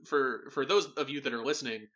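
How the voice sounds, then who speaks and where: A man's voice: mid-range voice, a little fast, a bit bright. A man co-hosting a podcast in casual chat, hesitant and full of fillers but enthusiastic. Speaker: podcast co-host.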